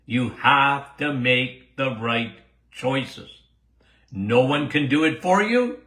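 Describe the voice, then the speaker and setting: An older man, a doctor hosting a casual listener Q&A podcast, talking in an animated, emphatic way, repeating himself and laughing often. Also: mid-range voice, slow, echoey room. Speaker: doctor and show host.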